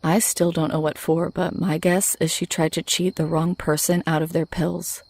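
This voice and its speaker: Speaking at a normal speed, a woman narrates a horror story, her low, flat tone carrying a gravelly rasp. The reading is steady and scripted, recorded dry and up close with no room sound.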